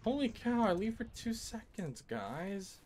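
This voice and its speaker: A woman's voice: medium pitch, sing-song, unhurried, darkish tone. A woman gamer chatting in a playful, teasing way during co-op play. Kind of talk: casual co-op gameplay chat.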